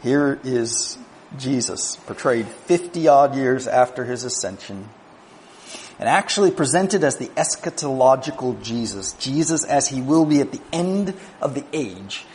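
Man preaching with lively, dramatic pitch. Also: measured pace, slight background noise. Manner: swings from quiet, low asides to raised, emphatic declarations; conversational asides with "right?". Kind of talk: sermon.

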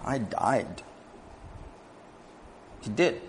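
A man preaching a sermon, moving between quiet, low asides and raised, emphatic declarations, with conversational "right?" asides. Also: lively intonation, extremely slow, a little hiss or hum.

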